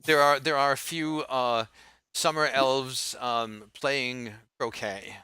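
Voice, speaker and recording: A male game master lays out rules and scenes in a calm, measured way. His voice is sharp and bright. The mic is close, with a dry, dead room. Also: mid-range voice, clean tone, dry recording. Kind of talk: narrating a tabletop game.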